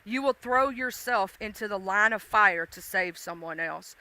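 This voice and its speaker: A woman chats casually with her livestream viewers. She sounds playful and loose, with many fillers and laughs. Her voice is very bright and smooth, heard close up with no room sound. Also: mid-range voice, moderate pace, hardly any pauses, no room sound. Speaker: livestream host.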